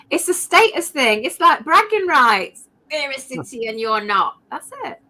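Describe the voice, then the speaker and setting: A woman's voice: sits high, very animated, measured pace, bright, forceful tone. A woman chatting casually with friends, making emphatic points and closing many of them with tag questions. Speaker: chat participant. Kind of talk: casual chat among friends.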